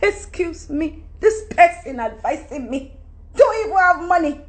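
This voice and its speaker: A middle-aged woman with a Nigerian accent, ranting unscripted into her phone on a live stream, preachy and animated with loud outbursts. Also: very high-pitched, measured pace. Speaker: livestream host.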